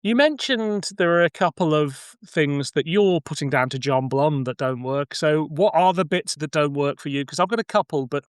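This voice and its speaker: A man, a podcast guest, chatting in a thoughtful, measured way. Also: on the high side, expressive, clean tone, no room sound, studio quality. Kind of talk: casual podcast chat.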